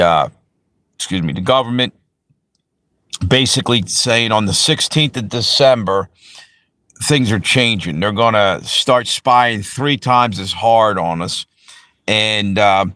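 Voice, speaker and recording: A man with a lowish voice rants hotly on his live stream, swearing freely and circling back on himself. The sound is close and dry. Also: fairly bright tone, no room sound. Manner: profane, heated, rambling. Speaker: livestream host. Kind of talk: angry livestream rant.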